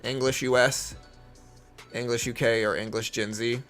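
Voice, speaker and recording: A man's voice: medium pitch, little pitch movement, moderate pace, a bit bright, faint music behind. A young man from Louisiana with a Southern accent, chatting casually and giving live market commentary. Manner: laid-back, chatty, uses lots of fillers. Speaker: live stream trader.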